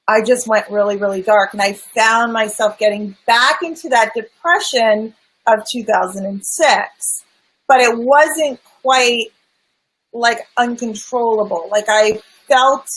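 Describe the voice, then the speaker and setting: A woman's voice: a little high, takes it slowly, a bit bright, low-quality recording. A woman guest, a spiritual life coach, candidly telling her personal story in an earnest, emphatic way. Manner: earnest, emphatic, sometimes swears.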